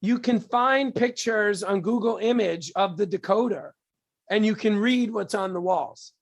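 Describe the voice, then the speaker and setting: A man's voice: sits high, a little slow. A man being interviewed as a guest, explaining his views in a thoughtful, conversational way. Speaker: guest, TV producer. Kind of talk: casual interview chat.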